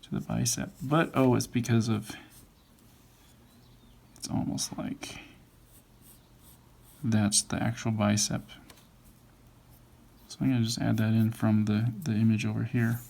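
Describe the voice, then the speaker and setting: A man's voice: lowish voice, flat delivery, moderate pace, creaky, a little mellow. A man teaching drawing, thinking aloud and mumbling to himself as he sketches and corrects his lines. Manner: mumbling, self-correcting as he draws. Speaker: drawing instructor. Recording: faint background noise.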